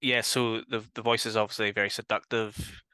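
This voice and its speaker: Northern irish guy on a podcast, bright crisp voice, dry close sound. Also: lowish voice, little pitch movement, a little fast, no room sound. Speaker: podcast co-host. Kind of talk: casual chat.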